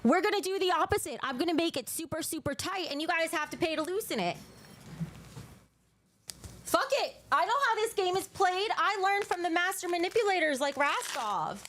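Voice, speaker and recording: A woman's voice: extremely high pitch, animated, moderate pace, long pauses, a bit bright, slight background noise. A woman hosting a casual livestream, talking to her chat in a crude, joking, bubbly way, sometimes out of breath. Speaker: livestream host.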